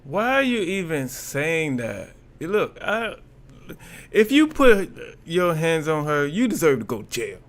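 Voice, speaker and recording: A male reaction video host giving incredulous, animated commentary and repeating his questions. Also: fairly high pitch, unhurried.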